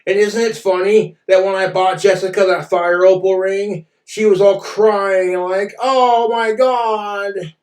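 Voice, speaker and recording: Aggrieved high-voiced man ranting. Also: flat delivery, measured pace, hardly any pauses, darkish tone, echoey room. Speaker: vlogger. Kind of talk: ranting vlog monologue.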